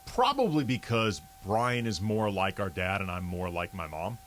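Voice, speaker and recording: A man's voice: fairly low pitch, expressive, moderate pace, a bit bright, slight background noise. A man explaining things matter-of-factly on a radio show. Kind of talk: casual on-air chat.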